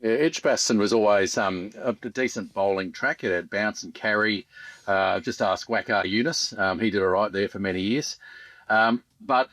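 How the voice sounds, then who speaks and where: Low-voiced Australian man telling yarns. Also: moderate pace, fairly bright tone, dry recording. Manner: rambling storyteller with dry humour and frequent ums. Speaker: guest, former fast bowler. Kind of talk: casual podcast chat.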